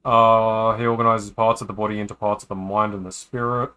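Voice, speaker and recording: A man reading a visual novel aloud to his stream in a bright, forceful voice. He talks in a casual, joking way and drifts into asides between the lines. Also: on the low side, flat delivery, brisk, smooth.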